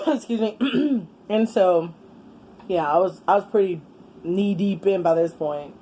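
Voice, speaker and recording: A woman's voice: fairly low pitch, unhurried, mellow, low-quality recording. A woman in her thirties telling a long, rambling story to her viewers, candid and full of swearing and fillers. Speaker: vlogger. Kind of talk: casual story time while eating. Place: indoors with a fan running. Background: faint fan hum.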